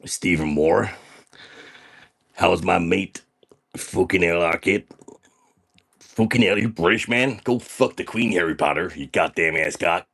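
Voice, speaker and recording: A man's voice: low-pitched, unhurried, vocal fry, pauses often, fairly bright tone, heavily acted. Man doing a brash, foul-mouthed party dude. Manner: ends nearly every sentence with "man", brash and swaggering. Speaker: livestream character host. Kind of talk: comedic livestream persona reading chat.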